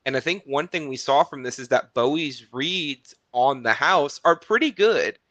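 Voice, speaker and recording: A man on a podcast panel, recapping reality TV in casual chat, animated and rapid. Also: medium pitch, no room sound.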